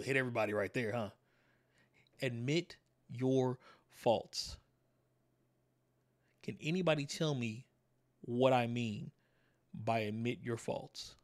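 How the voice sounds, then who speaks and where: A man of medium pitch gives a motivational talk to his viewers. He talks in a preachy, probing way, pressing them with rhetorical questions and repeating the words he wants to land. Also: slow pace, pauses often. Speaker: motivational video host.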